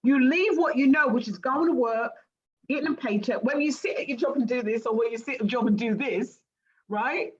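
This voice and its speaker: A middle-aged British woman, a life coach, tells her story as an interview guest, her voice a little high, husky and fairly quick. She's animated and acts out the voices she quotes. The audio is dull and lo-fi.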